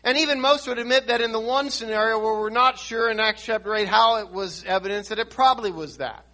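Male preacher, high and bright, teaching sermon, emphatic, restarts often. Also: a little fast. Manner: reads and explains scripture verse by verse.

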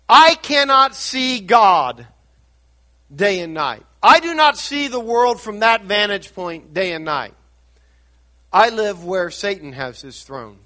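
A high-pitched older man preaching with a bright, forceful edge. He swings from quiet, intimate passages to loud, urgent emphasis. His pulpit delivery is dynamic and earnest. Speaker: pastor. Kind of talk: sermon.

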